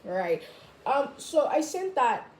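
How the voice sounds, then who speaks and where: A woman in a casual rant to camera as a vlogger, chatty and full of "like", jumping high in pitch when she quotes herself. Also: normal speed, mellow. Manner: chatty, full of "like" and "I was just like". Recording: echoey room, faint background noise.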